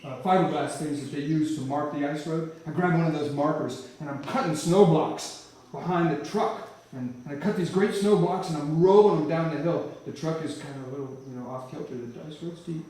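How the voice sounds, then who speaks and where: A man's voice: a little high, brisk, darkish tone. A man giving a testimony at church, telling his story vividly and animatedly, often restarting phrases. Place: church hall. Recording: echoey church hall from far off.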